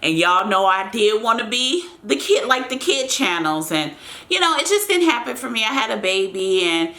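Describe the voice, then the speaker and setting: A woman's voice: a little high, sing-song, moderate pace, pushed and bright. A young American woman chatting casually to her viewers as she answers their questions in a vlog, rambling and calling them y'all. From United States.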